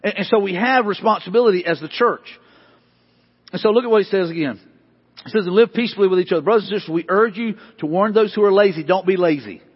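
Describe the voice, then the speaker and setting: High-voiced preacher, husky and echoing. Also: male voice, fast. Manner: animated, conversational preaching with repeated catchphrases. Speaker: pastor. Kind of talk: sermon. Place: church sanctuary. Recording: echoey hall, slightly dull sound.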